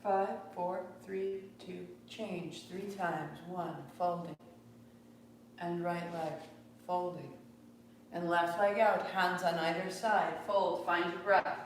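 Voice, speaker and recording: A woman teaching a live yoga class, calmly cueing breath and movement in a steady rhythm. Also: fairly low pitch, takes it slowly. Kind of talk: guided yoga class instruction. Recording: very echoey, distant, faint room noise.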